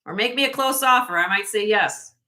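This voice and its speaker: A woman with a bright, forward voice hosts a casual live-stream jewelry sale. She talks chattily, corrects herself on the fly and laughs often. Her pitch sits in an ordinary middle range. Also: fairly quick, a little hiss or hum.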